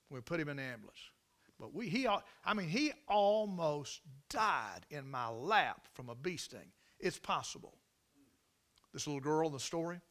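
A man preaching a sermon through a dramatic story, swinging between loud outbursts and hushed passages. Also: fairly high pitch.

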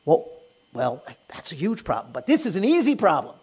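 Guy with a high voice teaching scripture, keeps throwing questions at the class, acts out the characters. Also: moderate pace, husky. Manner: animated, fires rhetorical questions at listeners. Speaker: Torah teacher. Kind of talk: lecture on the Book of Esther to a live class.

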